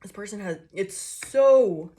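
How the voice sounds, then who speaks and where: A woman's voice: medium pitch, animated, slow, mellow. A young woman giving a casual tarot reading, blunt and profane, ranting with lots of fillers, jittery from coffee. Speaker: tarot reader.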